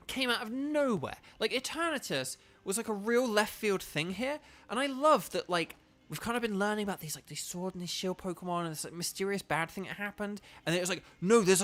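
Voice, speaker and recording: A man's voice: high voice, a bit bright. A man streaming a game, enthusiastic and rambling, with many fillers. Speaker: gaming streamer and voice actor. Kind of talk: casual gameplay commentary.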